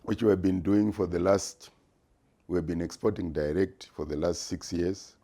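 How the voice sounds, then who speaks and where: Speaking in a low, warm voice, a man in his sixties from Zimbabwe answers interview questions. He is a retired business executive, and his delivery is deliberate and measured, with frequent pauses.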